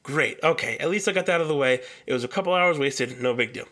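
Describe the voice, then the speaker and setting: A man's voice: fairly high pitch, fast, bright, forceful tone. A young man hosting a solo podcast, telling a long story in a heated, profane rant. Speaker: podcast host.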